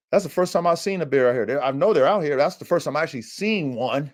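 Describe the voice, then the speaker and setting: A man's voice: fairly high pitch, fairly quick. Profane, slangy man hosting a podcast. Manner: profane, slangy and animated, with many fillers like "you know what I'm saying". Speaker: podcast host, dog breeder. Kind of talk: casual storytelling on a livestream podcast. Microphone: livestream mic.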